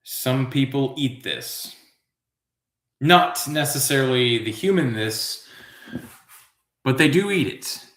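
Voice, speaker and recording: On a live trivia show, the host, a man whose voice sits at medium pitch, takes the questions at a leisurely, stretched-out pace. Echo fills the spacious-sounding room as he lets his mind wander into easygoing remarks between answers.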